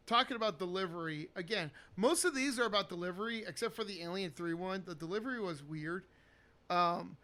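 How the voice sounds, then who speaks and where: A man's voice: sits high, a bit bright. A man co-hosting a casual movie podcast, talking enthusiastically, laughing often and acting out favorite quotes. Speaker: podcast co-host. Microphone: podcast microphone.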